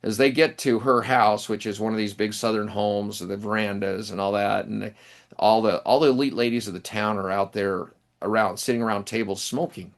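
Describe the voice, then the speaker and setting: A middle-aged man, an author and professor, telling stories in an interview with many restarts and pauses. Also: lowish voice, steady tone. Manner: rambling, halting anecdotes with many restarts. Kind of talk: storytelling in a casual interview.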